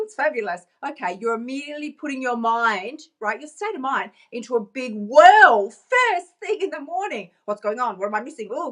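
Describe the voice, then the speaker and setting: A woman's voice: on the high side, fairly bright tone. A woman coach giving a bubbly, playful and emphatic motivational vlog, talking into her phone.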